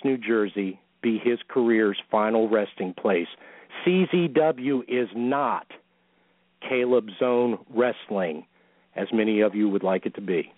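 A man's voice: mid-range voice, no room sound. Male co-host, pompous mock-solemn letter reading, thin phone-line sound, dry. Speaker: podcast co-host. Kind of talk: dramatic open-letter reading. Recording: tinny phone-line call-in.

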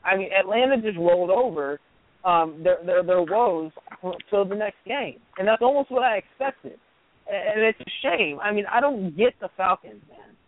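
A man's voice: high-pitched, animated, moderate pace. A man co-hosting a sports talk show, making mocking, sarcastic asides about the local teams. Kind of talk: casual sports radio rant. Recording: tinny phone-like radio sound.

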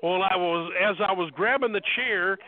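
A man with a Southern accent, a wrestling manager telling boastful stories in an animated way, full of restarts. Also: high voice, normal speed. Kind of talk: storytelling on a podcast. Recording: tinny phone line.

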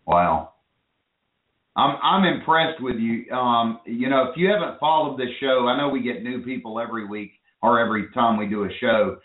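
A man's voice: mid-range voice, moderate pace. Guy hosting a call-in show, all fired up and rambly, sounds like a phone line in a roomy space. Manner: enthusiastic, rambling, with restarts. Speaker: show host. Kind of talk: call-in radio talk show. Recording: phone-line audio in an echoey room.

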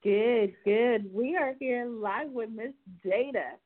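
A woman's voice: on the high side, slow pace. A woman hosting a live talk show, chatting casually with her guest and taking callers, full of easygoing fillers. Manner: chatty, leans on "you know" fillers. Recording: tinny phone-like line.

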